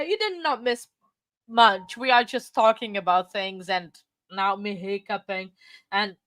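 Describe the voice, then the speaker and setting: A woman hosting a livestream, talking in a rambling, halting way while she has the hiccups. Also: mid-range voice, fairly bright tone, clean tone, dry recording. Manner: rambling, self-interrupting, halting. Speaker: livestream host. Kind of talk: casual livestream chat. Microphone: desk microphone.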